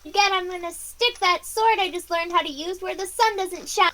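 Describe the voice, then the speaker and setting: A shrill, cranky, worn-out young knight. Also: female voice, sharp tone. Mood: cranky exhausted. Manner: fast, exasperated grumbling. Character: exhausted, sore young female trainee knight. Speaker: player.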